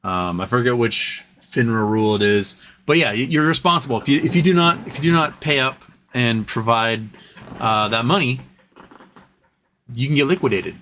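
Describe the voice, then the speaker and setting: A man's voice: moderate pace, pushed and bright, slight background noise. A man hosting a casual livestream from home, rambling between topics and reading out viewer comments. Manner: rambling, talks to his dog in a high coaxing voice. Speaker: livestream host. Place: home during a thunderstorm.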